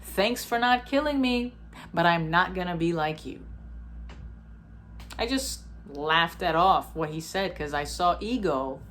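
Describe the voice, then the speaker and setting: A woman's voice: lowish voice, unhurried, slight background noise. A woman in her twenties, a vlogger talking straight to camera in a blunt, emphatic way, swearing freely and acting out the people in her stories. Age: 20s. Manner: animated storyteller, acts out others. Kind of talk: casual spiritual monologue.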